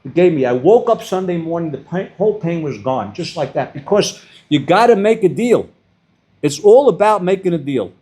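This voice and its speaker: Animated older man telling stories. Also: a little high, normal speed. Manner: animated, acts out dialogue in his stories. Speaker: guest speaker. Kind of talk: storytelling address to students. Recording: roomy hall echo.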